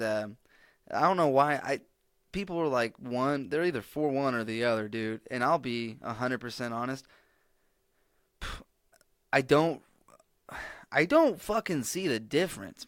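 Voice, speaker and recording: A man's voice: medium pitch, a bit bright, dry recording, studio quality. A man hosting a solo podcast, chatting casually in a rambling, profane, laid-back way. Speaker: podcast host.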